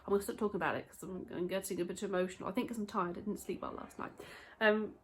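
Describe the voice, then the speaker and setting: A woman chats easily to her viewers as she films herself on a handheld camera. Her voice sits in an ordinary middle pitch, and her talk is relaxed and homely as she moves through the house and out to the greenhouse. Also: fast talker, slight background noise. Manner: chatty, talks straight to viewers. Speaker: vlogger. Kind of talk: casual vlog chat. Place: home and garden greenhouse.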